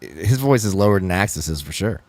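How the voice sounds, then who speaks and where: A man's voice: sits low, lively intonation, normal speed, darkish tone, dry recording. A man co-hosting a casual band podcast from Georgia, rambling and cursing freely, laughing often. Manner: rambling, profane, laughing, slips into mimicked voices. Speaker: band member and podcast co-host. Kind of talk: casual banter.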